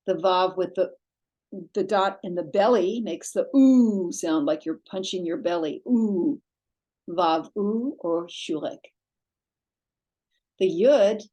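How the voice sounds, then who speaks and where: Woman, language teacher, lower voice, unhurried, patient explaining. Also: a little mellow, poor audio. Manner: slow, careful, drilling letters for repetition; patient explaining with small self-corrections. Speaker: Hebrew teacher. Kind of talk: recorded language lesson.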